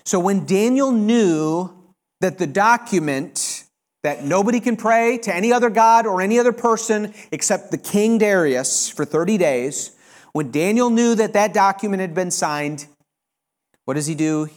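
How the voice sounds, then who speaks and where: A male preacher delivering a sermon, reading a scripture passage with expressive, emphatic delivery. He often stops to explain the text in his own words. His voice sits a little higher than most men's. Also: moderate pace. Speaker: pastor.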